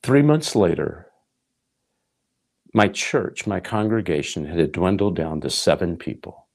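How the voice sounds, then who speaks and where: A man's voice: sits low, expressive, unhurried, gravelly, darkish tone. A middle-aged man preaching a sermon, telling a personal story and acting out his dialogue with God, addressing listeners as folks. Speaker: pastor.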